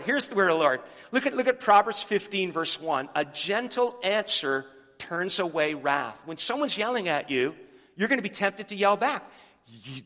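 A male pastor with a high, bright, forceful voice preaches in a church sanctuary. He tells stories with animation and reads scripture, throwing questions to the congregation. A long hall reverb trails his words. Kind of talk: sermon.

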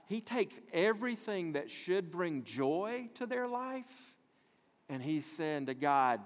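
A man's voice: a little high, lively intonation, slow. Preaching man in a reverberant hall. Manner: conversational preaching, reads scripture aloud, acts out little scenes. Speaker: pastor. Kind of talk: sermon.

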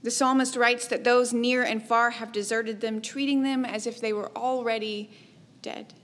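A woman preaching a sermon in a measured, reflective way, letting her phrases trail off softly. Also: a little high, fairly even intonation. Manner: slow, measured, reflective delivery with soft trailing endings.

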